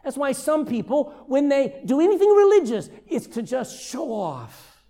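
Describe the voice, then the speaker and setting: Older man, pastor, high-pitched, humorous sermon delivery. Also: unhurried. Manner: humorous, lively storytelling.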